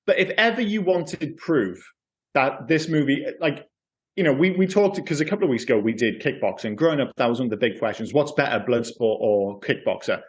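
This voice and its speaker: A man co-hosting a podcast, chatting casually about a movie in an animated, swearing, ranting manner. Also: mid-range voice, brisk. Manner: animated, swears often, goes off on rants. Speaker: podcast co-host.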